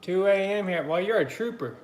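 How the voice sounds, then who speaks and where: A man's voice: high voice, lively intonation, fairly quick, a little mellow, echoey room. A man hosting a casual live stream, chatty and greeting his viewers by name between easy laughs. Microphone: computer mic on a live stream.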